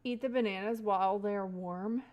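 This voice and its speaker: A woman's voice: medium pitch, normal speed, darkish tone. A young woman livestreaming, rambling casually to her chat with frequent laughs. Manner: chatty, rambling, laughs often, talks to chat.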